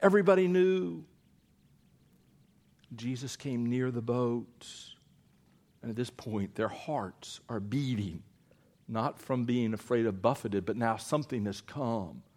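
A middle-aged man preaching a sermon, telling stories with big swings from loud to hushed. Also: medium pitch, takes it slowly, long pauses.

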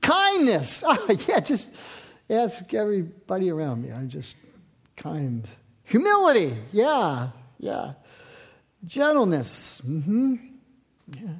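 A man's voice: high-pitched, big pitch swings, takes it slowly, long pauses, breathy edge. Middle-aged guy preaching, jokes on himself, voice jumps all over when he gets fired up. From central Pennsylvania. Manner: self-mocking, jokey asides, gets passionate and louder. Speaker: pastor. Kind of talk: sermon.

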